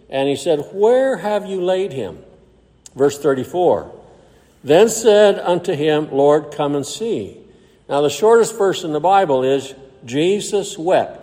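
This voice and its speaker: A man preaching a sermon. He reads scripture aloud in old-fashioned wording and then explains it in plain, conversational terms, slowing down for emphasis. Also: fairly high pitch, mellow, long reverb tail.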